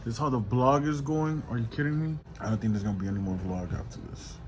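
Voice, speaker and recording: A man's voice: medium pitch, lively intonation, quick pace, darkish tone, a little hiss or hum. Weary young man vlogging, sore and lightheaded. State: in pain and lightheaded. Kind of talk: casual vlog talk to camera.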